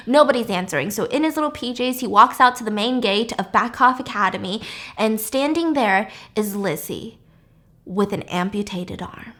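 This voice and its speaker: A woman's voice: a little high, brisk, bright, forceful tone. A woman casually recapping a film plot in a chatty way, with lots of fillers. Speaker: YouTuber.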